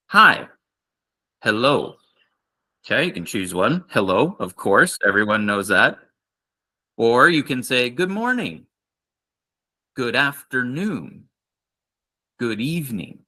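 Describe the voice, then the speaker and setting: Slow, patient male English teacher. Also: medium pitch, pushed and bright. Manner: slow, patient, repeats phrases for learners to copy. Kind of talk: online business English lesson.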